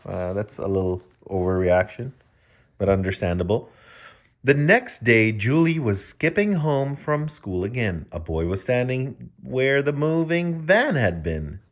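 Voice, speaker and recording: A man's voice: mid-range voice, expressive, unhurried. A man reading a children's picture book aloud, breaking off for joking asides to the kids listening. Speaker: children's story reader.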